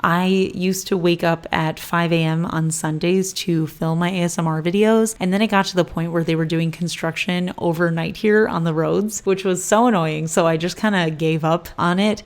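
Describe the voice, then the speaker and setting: Chatty young woman with a lowish voice. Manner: chatty, laughs often, lots of fillers. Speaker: vlogger answering viewer questions. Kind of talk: casual chat.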